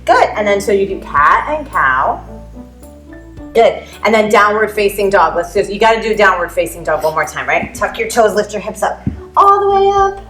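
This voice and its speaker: A woman's voice: medium pitch, expressive, moderate pace, a bit bright, roomy sound, faint music behind. A woman teaching a family yoga class, upbeat and playful, making animal sounds as she guides poses.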